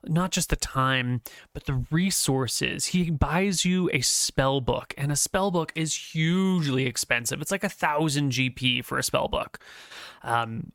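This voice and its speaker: A man's voice: a little high, a little slow, fairly bright tone, dry recording. A man narrating a tabletop game as game master, talking loosely with fillers.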